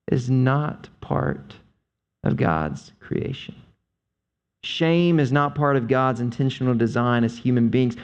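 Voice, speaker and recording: A man preaching a conversational sermon, speaking with emphatic, drawn-out stresses. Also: medium pitch, gravelly, a little mellow, muffled recording. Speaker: pastor.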